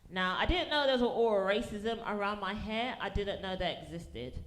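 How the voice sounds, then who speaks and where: A woman's voice: medium pitch, lively intonation, fairly quick. A woman from performing a punchy, sassy stand-up set to a small live audience. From London. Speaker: stand-up comedian. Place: comedy venue with small audience. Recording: echoey live venue, faint noise.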